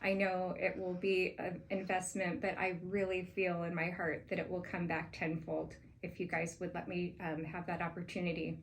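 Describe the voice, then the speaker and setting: A woman, a sales manager, tells an earnest personal story as part of a proposal pitch and gets animated as she recounts it. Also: normal speed, few pauses, a little hiss or hum. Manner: earnest, grows animated while retelling events.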